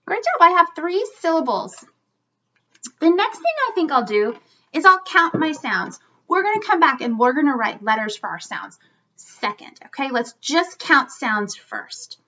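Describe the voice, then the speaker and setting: Bright-voiced teacher stretching words for children. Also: female voice, sits high, lively intonation, muffled recording. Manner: slow, drawn-out sounding of words, encouraging. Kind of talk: online phonics lesson for young children.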